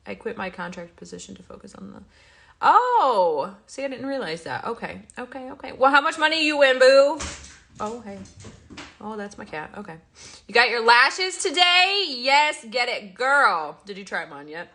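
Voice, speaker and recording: A woman's voice: on the high side, big pitch swings, moderate pace, vocal fry, fairly bright tone. A woman, sounding a little stuffy, chatting casually on a livestream and answering viewers as she goes. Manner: chatty, rambling, reads viewer comments aloud. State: stuffy-nosed, yawning. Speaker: livestream host.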